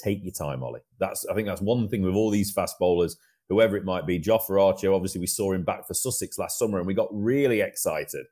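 A man's voice: deep voice, brisk, dark tone. A man co-hosting a cricket podcast, reflecting in casual chat and drawing on his own playing experience. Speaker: podcast co-host.

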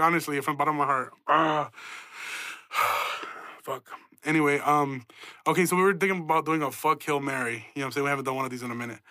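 A man's voice: on the high side, sharp tone, dry recording, clean studio sound. A young man hosting a podcast, telling stories in a profane, self-mocking, casual way and laughing often. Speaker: podcast host. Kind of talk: casual storytelling.

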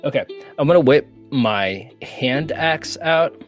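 Guy playing d&d, laughs a lot, swears, slow talker, pitch jumps around, bit of music under it. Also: expressive. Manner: laughs often, swears casually. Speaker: player. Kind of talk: casual tabletop game play.

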